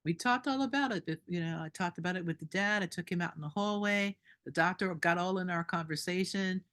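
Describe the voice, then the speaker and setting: A woman doula telling a story at a group meeting, animated and indignant, laughing between lines. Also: lowish voice, brisk.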